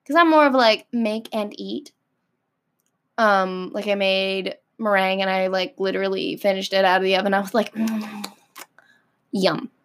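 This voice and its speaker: A woman's voice: mid-range voice, steady tone, moderate pace, fairly bright tone. An American woman ranting casually to camera, packing her talk with "like" and blunt, sassy swearing. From United States. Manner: filler-heavy, frequent "like". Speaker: vlogger.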